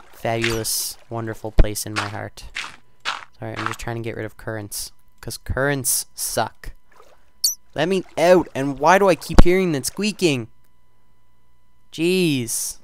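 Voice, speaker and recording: A teenage boy casually commentating his own gameplay, rambling and self-deprecating, with sudden loud outbursts. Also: medium pitch, steady tone, unhurried, long pauses, noisy background. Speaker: gaming channel host.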